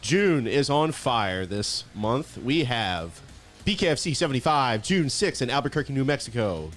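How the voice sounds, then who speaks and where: A man's voice: medium pitch, big pitch swings, normal speed, a bit bright, faint music behind. A man co-hosting a podcast, flustered and stumbling as he reads the event schedule. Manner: flustered, laughing, stumbling over his read. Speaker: podcast co-host reading the schedule. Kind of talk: casual podcast chat.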